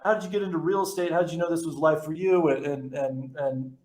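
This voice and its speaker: A man hosts an interview podcast with an eager, casual manner, often repeating words and restarting his sentences. His voice sits a little high for a man. The room around him gives a noticeable echo. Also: fairly even intonation, fast, a little mellow. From New York. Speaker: podcast host.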